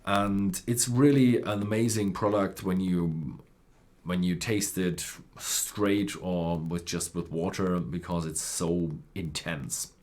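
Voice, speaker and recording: A man's voice: low-pitched, steady tone, takes it slowly, a little mellow. A man explaining whisky types in loose, rambling talk, full of fillers and self-corrections. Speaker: whisky presenter. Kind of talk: unscripted explainer.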